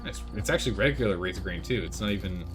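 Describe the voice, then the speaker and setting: Lively man streaming a video game. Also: deep voice, music in the background. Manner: excitable, joking, quick to panic. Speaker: gaming streamer. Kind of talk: casual gameplay commentary.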